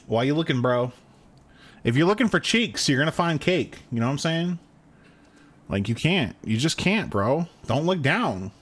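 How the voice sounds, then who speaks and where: Animated slangy young man streaming. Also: fairly high pitch, moderate pace. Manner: crude joking banter with chat, slangy. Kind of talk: casual gameplay chat.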